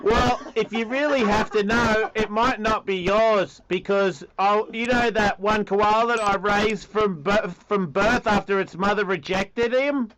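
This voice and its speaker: A man voicing a crude, pregnant young woman zookeeper in a squeaky, whiny voice. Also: steady tone, a little slow, few pauses, low-quality recording. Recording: loud background noise.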